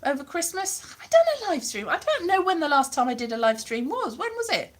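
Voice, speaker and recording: A woman's voice: high-pitched, sing-song, brisk. A woman chatting casually on a live stream, rambling and wry, recorded on a phone held at arm's length. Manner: rambling, wry, self-deprecating. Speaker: vlogger.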